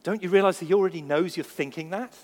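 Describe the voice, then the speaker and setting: A man preaching a sermon, lively and acting out the voices in his stories. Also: high voice, fast talker. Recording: long reverb of a church hall.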